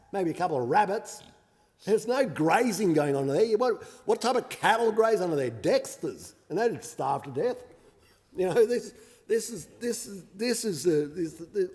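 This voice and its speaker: An Australian member of parliament delivers a combative, sarcastic debate speech, mocking his opponents. His voice sits high with a darkish tone, and the long reverb of the large parliamentary chamber carries through the recording.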